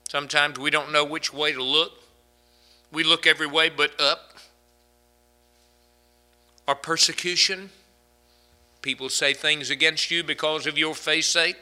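Bright-voiced male preacher with dramatic swings. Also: steady tone. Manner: dramatic swings between loud emphatic peaks and hushed low phrases; quotes scripture in slow, drawn-out delivery. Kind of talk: sermon.

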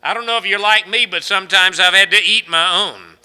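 A man preaching a sermon, his voice high and very bright. He tells jokes and stories between scripture, swinging from loud emphatic lines down to quiet asides. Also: moderate pace, few pauses. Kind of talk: sermon with humorous anecdotes.

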